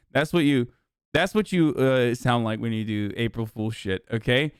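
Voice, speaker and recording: A young man streaming, chatting with his audience in a profane, mocking way and breaking into loud laughs. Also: medium pitch, normal speed, clear, resonant tone, no echo, studio quality. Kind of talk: casual livestream chat.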